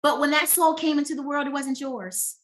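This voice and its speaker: A middle-aged woman with a somewhat high voice teaches a motivational master class as a wellness coach. She talks in a lively, conversational way and often asks her listeners if they are with her. Her delivery is emphatic and personal, as if speaking straight to each person. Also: a little fast.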